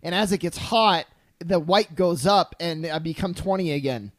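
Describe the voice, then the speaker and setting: A man's voice: fairly high pitch, moderate pace, no echo. A man co-hosting a podcast in casual chat, joking and teasing his friends as he tells stories. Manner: joking, teasing, animated storytelling. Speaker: podcast co-host.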